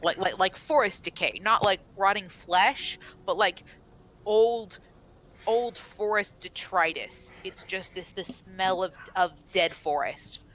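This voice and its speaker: A woman's voice: mid-range voice, slow, a bit bright, low-quality recording. A woman narrating as game master of a tabletop game, rambling with frequent restarts.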